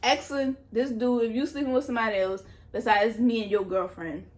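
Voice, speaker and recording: A young woman, a touch high in pitch, tells a personal story to her viewers while eating. She talks casually with plenty of slang and laughs at her own mistakes. The delivery is loose and candid, recorded at home. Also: fairly even intonation, fairly quick. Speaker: vlogger.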